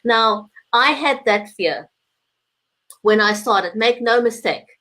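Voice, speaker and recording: A woman's voice: on the high side, slow, bright, forceful tone, rough recording. Earnest woman sharing a story. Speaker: co-host. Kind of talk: casual live chat. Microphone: video call.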